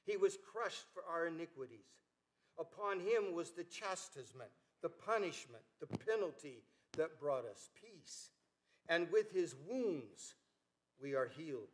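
An older man, a pastor, preaching a sermon in a church, earnest and emphatic, rising on key words and dropping low at the ends of phrases. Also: very animated, a little slow. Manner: earnest preaching with emphatic rises and soft drops. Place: church sanctuary.

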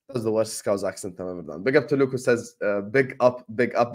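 Young guy doing a football stream, slangy, hyped shout-outs, average pitch. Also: fairly quick. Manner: animated, slangy, shouts out viewers. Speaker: host. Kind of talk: casual live-stream football chat.

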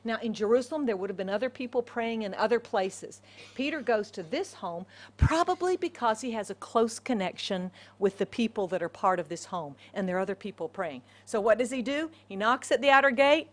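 Animated woman pastor preaching. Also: fairly high pitch, fairly quick. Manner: animated, acts out voices of characters; asks the congregation questions. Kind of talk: sermon.

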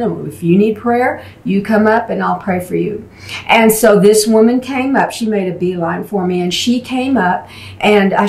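A woman preaching a sermon, telling stories in an animated way that shifts between quick runs and slow, emphatic words. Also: medium pitch, reverberant. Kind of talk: storytelling sermon. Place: mission chapel.

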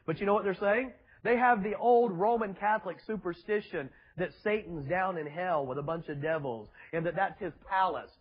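A male preacher delivers a sermon full of sarcasm and emphatic repetition. His voice sits high and sounds husky. The recording is dull and lo-fi. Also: expressive, normal speed, few pauses. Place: church with children present.

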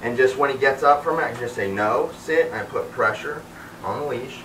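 A man training a dog outdoors talks through what he is doing, breaking off to give sharp commands. His voice is bright and forceful. He stands back from the microphone, so the sound is roomy. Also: medium pitch, quick pace, recorded from a distance, a little hiss or hum. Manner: commands the dog mid-sentence, many fillers. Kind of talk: explaining while training a dog.

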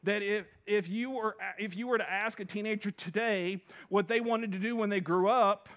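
A male minister preaches in a church sanctuary with eager energy, calling out to the congregation for responses and often repeating and restarting phrases. His voice sits high for a man and is a bit bright, with fairly even intonation and a moderate pace.

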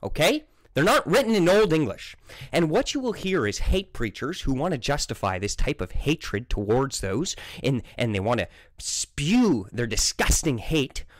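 Heated, animated French-accented man. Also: medium pitch, moderate pace, no room sound. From French Canada. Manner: combative, sarcastic, scolding. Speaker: Christian vlogger. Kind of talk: heated monologue.

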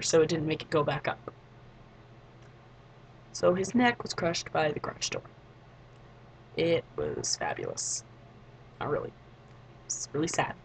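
A woman's voice: on the low side, slight background noise, rough recording. A teenage girl telling a story in a casual vlog, chatty, acting out other people's lines. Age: late teens. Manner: chatty, acts out quoted voices, frequent "like". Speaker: vlogger.

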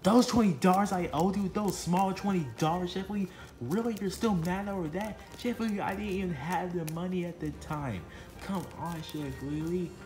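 A shrill, panicky puppet boy, acted by a man, who yells and protests, his voice sitting well above the performer's own. He swears crudely and sounds defensive in a comedy puppet skit. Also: unhurried, soft background music, lightly acted. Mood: indignant.

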